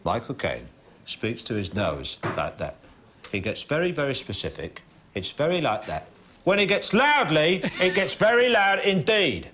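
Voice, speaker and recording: A man doing an impression of an aging British film star, slow and over-precise, with mock-emotional breaks in the voice. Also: fairly high pitch, very animated, sharp tone, slight background noise.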